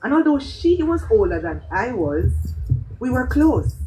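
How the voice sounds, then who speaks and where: A woman's voice: on the high side, sing-song, measured pace, background noise. A Jamaican woman performing a spoken-word piece, telling her story with animation and slipping into patois. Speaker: poet.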